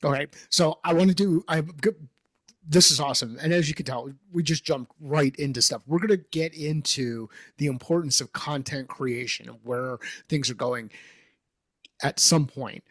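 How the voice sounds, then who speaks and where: A man's voice: fairly high pitch, moderate pace, a bit bright, no room sound. A man hosting a casual interview, asking questions and summing up with blunt enthusiasm. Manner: enthusiastic and blunt, swears freely. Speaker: interview host.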